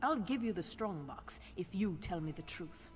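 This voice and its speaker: A woman's voice: lowish voice, lively intonation, moderate pace, close to an everyday voice. An actress playing a stern, no-nonsense female governor in a video game, authoritative and curt. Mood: formal.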